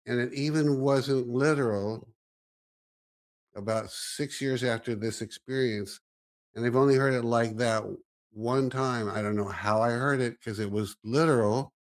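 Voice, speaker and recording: Earnest man thinking out loud. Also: medium pitch, fairly even intonation, measured pace. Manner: earnest, thinking aloud with restarts. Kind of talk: casual conversation.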